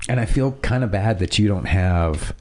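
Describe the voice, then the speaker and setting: Deep, mellow-voiced male co-host. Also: moderate pace. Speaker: podcast co-host. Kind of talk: casual podcast chat.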